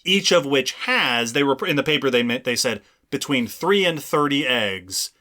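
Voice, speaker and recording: A man's voice: medium pitch, animated, normal speed, sharp tone. A man co-hosting a casual podcast, explaining at length with frequent restarts. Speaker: podcast co-host. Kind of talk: casual chat.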